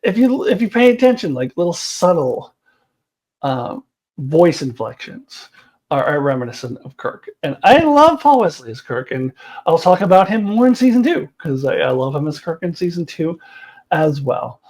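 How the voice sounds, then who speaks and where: A woman's voice: deep voice, sing-song, normal speed, darkish tone, rough recording. A woman giving a casual video review of a TV series, enthusiastic and opinionated, laughing often and swearing bluntly. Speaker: TV show reviewer.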